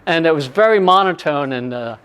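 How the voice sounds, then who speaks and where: A man in his sixties leading a conference workshop, talking in a chatty, storytelling way with quick asides. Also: on the high side, expressive, a bit bright. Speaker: workshop presenter. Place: conference room.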